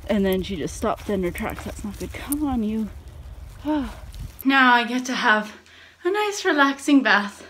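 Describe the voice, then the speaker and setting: Bright, chatty young woman. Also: a little high, expressive, unhurried, a little hiss or hum. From Canada. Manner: chatty and upbeat, laughing often. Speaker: vlogger. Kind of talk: casual vlog chat.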